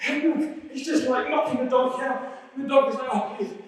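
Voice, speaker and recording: An actor playing a defiant radical preacher, telling stories in an animated, mocking way and acting out the voices in a theatre monologue. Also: male voice, extremely high pitch, brisk. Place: performance hall. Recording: echoey hall, mic far off.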